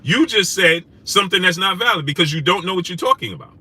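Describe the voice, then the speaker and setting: A man's voice: sits high, expressive, fast talker, breathy edge. A man hosting a live stream, greeting viewers and firing back at comments in a combative way. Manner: combative, rising to loud indignant questions; greets chat viewers by name. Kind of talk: livestream chat reading comments.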